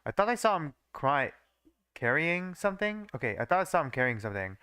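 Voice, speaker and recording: A young man streams a reading of his old fanfiction, stopping often to mock it with casual swearing. His voice is bright and clear, with a lively, fairly high pitch. The sound is dry and close. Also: brisk, no room sound. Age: young adult. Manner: swears casually and laughs at his own writing. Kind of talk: live reading with joking asides.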